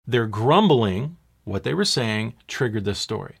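A man preaching a sermon as a pastor, emphatic, posing rhetorical questions and slowing down to stress key words. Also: lowish voice, lively intonation, vocal fry, slightly rough.

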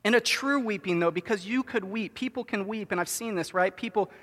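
Earnest high-voiced male preacher in a reverberant church. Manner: earnest preaching, drawn-out stressed words, softening to a hush. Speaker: pastor. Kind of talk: sermon. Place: church sanctuary. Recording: long hall reverb.

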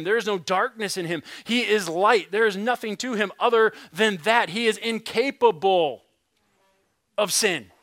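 Bright, high-voiced man preaching. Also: no echo, studio quality. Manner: earnest preaching, drops to a hush on key words; reads scripture slowly and deliberately. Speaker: pastor. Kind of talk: sermon.

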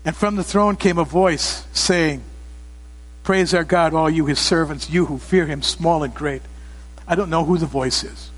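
High-voiced man preaching in an echoing hall. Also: unhurried. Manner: emphatic, rising to loud exclamations. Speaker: pastor. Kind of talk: sermon. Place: church sanctuary. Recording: long reverb of a church hall.

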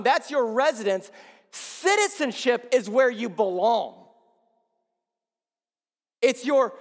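A male pastor preaching a sermon, swinging between loud rises and low, quiet drops. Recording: long hall reverb.

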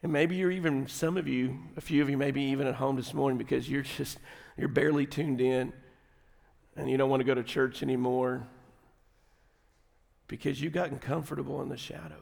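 A middle-aged man preaching a sermon, folksy and animated, dropping at times to a quiet, intimate tone. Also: mid-range voice, fairly quick, vocal fry. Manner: folksy, animated storytelling with sudden drops to quiet, intimate delivery. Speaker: pastor. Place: large church sanctuary. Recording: long hall reverb.

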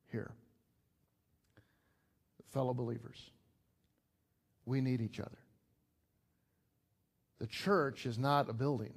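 A middle-aged man preaches to a small church gathering, talking plainly and warmly conversational before pressing his points with emphatic rises. His voice sits in an ordinary middle pitch for a man. He sounds like a pastor addressing his own congregation. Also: vocal fry. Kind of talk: sermon.

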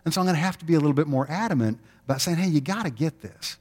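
A middle-aged man preaching a sermon, telling stories in an animated way and acting out the quotes with laughter. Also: fairly high pitch, racing. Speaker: pastor.

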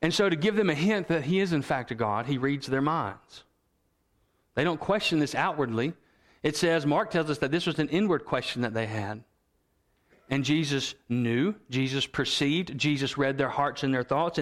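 A male pastor delivers a sermon in a slightly higher-than-usual voice. He speaks earnestly and reads scripture and story passages aloud. For emphasis he slows down and lets his voice sink low. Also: animated.

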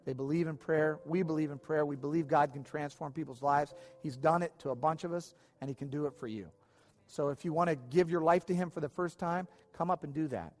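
A man's voice: a little high, brisk, in a large hall. A man preaching as the pastor of his church, earnest and informal, stumbling over his words when he is moved. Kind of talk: sermon. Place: church sanctuary.

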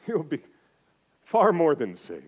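An older man preaching a sermon, slow and emphatic, swinging from loud declarations down to quiet, intimate asides. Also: fairly high pitch, wildly swooping pitch, husky, highs cut off. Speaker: pastor.

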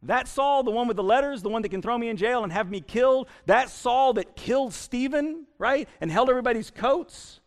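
A man's voice: fairly quick, few pauses. A man doing a panicky, disbelieving believer. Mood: incredulous. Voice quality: incredulous, rising high. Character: frightened, disbelieving male early believer. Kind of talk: sermon.

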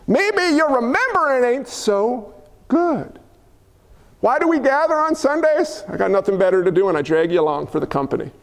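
In a church sanctuary with a long hall reverb, a male pastor delivers a lively sermon in an unusually high voice. His preaching is animated and jokey, and he acts out little scenes and quotes along the way.

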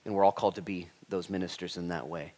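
A man delivers a sermon as pastor, swinging from calm teaching to loud, playful acted-out quotes. He talks in a casual, humorous way and leans on the congregation. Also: sits low, fast.

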